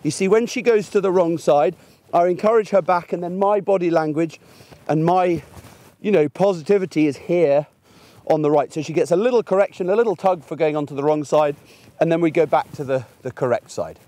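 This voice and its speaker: A man's voice: on the high side, fairly quick, dark tone. A middle-aged man, a gundog trainer, explaining puppy training outdoors in a chatty way, using everyday examples. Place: outdoors in a field by a fence.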